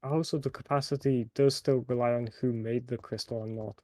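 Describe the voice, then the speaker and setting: A man's voice: medium pitch, fairly even intonation, a little fast, a little mellow, dry recording. A man playing alongside the streamer, explaining game mechanics in a matter-of-fact way. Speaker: fellow player. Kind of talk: casual gameplay chat.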